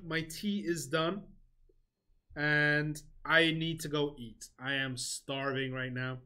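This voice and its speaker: A man's voice: a little high, bright, forceful tone. A man hosting a game livestream, chatting casually and answering viewers between comments on the game. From England.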